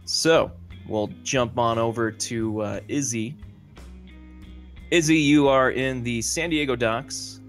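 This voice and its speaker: A man's voice: medium pitch, slow pace, faint music behind. A man narrating as game master of a tabletop role-playing game, loose and full of fillers.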